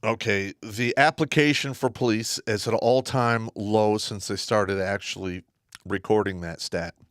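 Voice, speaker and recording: A man's voice: lowish voice, normal speed, no room sound, clean studio sound. A man co-hosting a casual live stream, telling stories bluntly and profanely. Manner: animated storyteller, blunt and profane.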